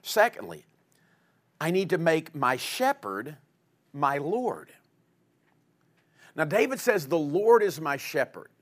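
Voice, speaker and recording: A male pastor preaching a sermon to his congregation, with a dynamic delivery that swings from loud emphasis to quiet, low asides. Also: big pitch swings, takes it slowly, pauses often.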